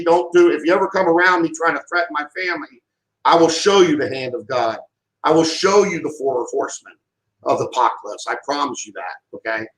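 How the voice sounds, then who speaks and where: A man's voice: high voice, a bit bright, roomy sound, rough recording. A middle-aged man delivering an impassioned monologue, heated and emphatic, often repeating himself. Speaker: vlogger giving a political rant.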